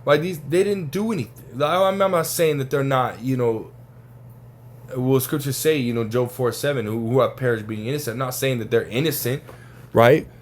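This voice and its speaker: A man's voice: mid-range voice, moderate pace, a little hiss or hum. A man giving an informal religious teaching, talking casually and profanely and tagging his points with "right?" and "man". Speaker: scripture teacher.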